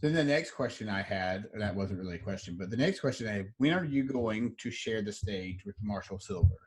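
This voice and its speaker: A man hosting an interview, asking questions casually with halting restarts. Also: on the low side, animated. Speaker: podcast host.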